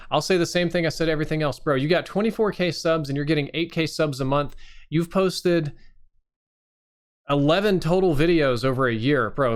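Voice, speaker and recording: A man hosting a live stream, reviewing channels with blunt, casual and sometimes profane critique. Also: on the high side.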